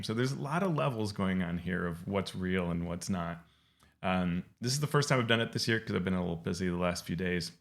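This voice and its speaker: A man talks through a game's lore in loose, casual commentary, often doubling back on his words. His voice sits deep and low. It carries a gravelly rasp at the ends of his phrases. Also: a bit bright. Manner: rambling, full of ums and restarts, explanatory. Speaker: game lore video host.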